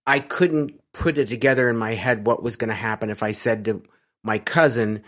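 A man's voice: on the low side, steady tone, moderate pace. A middle-aged American man being interviewed, telling personal stories in a rambling way with many fillers and restarts. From United States. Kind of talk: casual storytelling interview.

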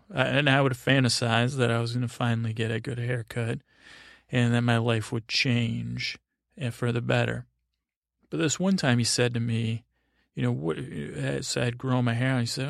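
A man's voice: mid-range voice, little pitch movement, moderate pace, vocal fry, no echo, clean studio sound. A middle-aged man hosting a podcast, telling a meandering bedtime story full of fillers and restarts. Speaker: podcast host.

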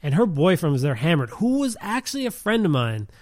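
A man's voice: fairly high pitch, sing-song, a little fast, dry recording, clean studio sound. A man telling a story in casual chat, rambling with lots of fillers and laughing as he goes.

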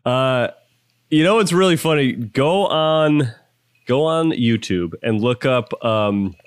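A man's voice: medium pitch, expressive, takes it slowly, clear, resonant tone, dry recording, clean studio sound. A man as a podcast guest in casual chat, joking around and slipping into silly impressions. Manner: jokey, slips into silly impressions.

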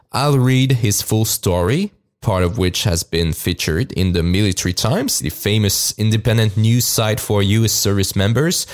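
Deep-voiced French-accented male podcast narrator. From France. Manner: measured, reading from a script. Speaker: podcast host and author.

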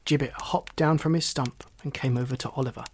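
A man reading a children's story aloud, gently and expressively, doing the characters' voices. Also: medium pitch, fairly even intonation, a little fast, slightly rough.

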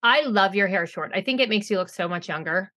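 A middle-aged woman co-hosting a podcast, chatting casually and reading out thanks, emphatic and quick to react with blunt humor. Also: medium pitch, lively intonation, pushed and bright. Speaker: podcast co-host. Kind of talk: casual chat and show reading.

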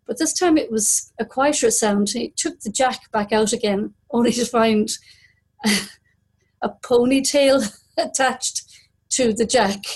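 Woman telling a story live, breathy kinda raspy voice, pretty dramatic. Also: a little high, takes it slowly, rough recording. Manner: vivid, dramatic retelling with acted quotes.

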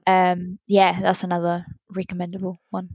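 A woman's voice: on the low side, monotone, normal speed, gravelly, dry recording. A woman on a podcast panel, talking thoughtfully and hesitantly with many ums, on a dull lo-fi recording. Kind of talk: casual chat.

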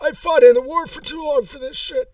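A man voicing a furious old male war veteran on a prank call, shouting and cursing in a high, strained voice that breaks into sobs. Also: fairly quick, no echo, far from the mic. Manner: shouting, cursing, sobbing rants. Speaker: prank caller.

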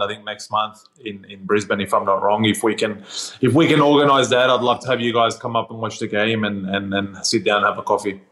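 A young Australian man tells a story in a casual interview, animated and laughing, dropping slang as he goes. His voice sits in an ordinary middle pitch, heard over a remote call. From Sydney, Australia. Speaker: guest, professional footballer.

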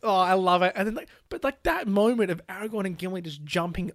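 A podcast co-host in a casual film chat, talking fast with lots of "like" fillers and acting out quoted lines from scenes. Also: medium pitch, dry recording, clean studio sound. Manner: animated, full of "like" fillers, laughs while retelling scenes.

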